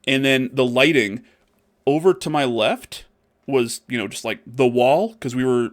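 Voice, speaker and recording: A man's voice: mid-range voice, measured pace. A man co-hosting a podcast in casual chat, rambling and swearing freely with lots of fillers. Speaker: podcast co-host.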